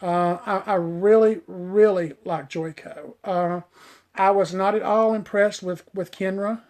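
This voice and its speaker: A middle-aged man who cuts hair hosts a live stream, talking to y'all in a casual, folksy manner with fairly even intonation and a slightly mellow, unhurried delivery. His dog draws him away at times, and he coaxes it in a high sing-song.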